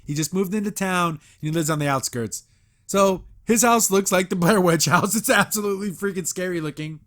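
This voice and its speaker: A man's voice: sits high, fairly quick, a bit bright. A man hosting a podcast, casually reviewing a cartoon episode, retelling scenes, quoting characters and laughing often. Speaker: podcast host.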